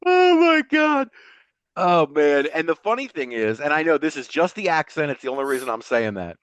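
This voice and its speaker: A man co-hosting a podcast, recapping a show in a casual, animated storytelling way and laughing often. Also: fairly high pitch, fairly quick, dry recording. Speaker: podcast co-host.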